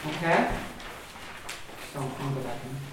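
A man's voice: mid-range voice, unhurried, background noise. Man, language teacher, patient word drills, far from the mic, echoey classroom. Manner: drills words aloud, repeats each one patiently. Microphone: distant recorder in the room.

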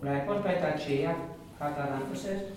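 A man teaching a pronunciation class, patiently repeating words slowly for learners. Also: fairly high pitch, background noise. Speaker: Irish language teacher. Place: classroom with students. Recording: echoey classroom from far off, group around.

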